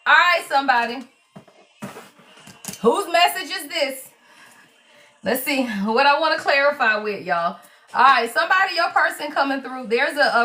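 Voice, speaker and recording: A woman's voice: high-pitched, pushed and bright. Blunt, laughing woman reading tarot live. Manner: blunt, profane, laughing, addresses viewers as y'all. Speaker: tarot reader.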